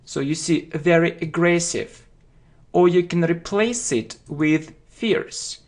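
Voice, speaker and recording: Slow-talking man teaching vocabulary. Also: a little high. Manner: repeats key words, checks in with "yeah?" and "okay". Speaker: English teacher. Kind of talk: slow deliberate vocabulary lesson.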